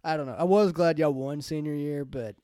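A man's voice: on the high side, a little fast, dark tone, dry recording, clean studio sound. A young man chatting casually, rambling through fillers and casual swearing. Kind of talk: casual chat.

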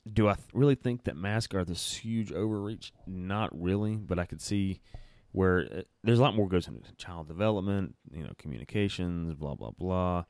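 A man's voice: low voice, normal speed, darkish tone, dry recording. A man co-hosting a casual podcast chat, opinionated and rambling, restarting his sentences often. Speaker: podcast co-host.

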